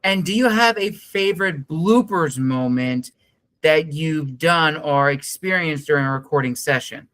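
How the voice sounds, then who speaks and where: A man hosting an interview, asking polite, measured questions with formal phrasing. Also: a little high, a bit bright. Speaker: interview host.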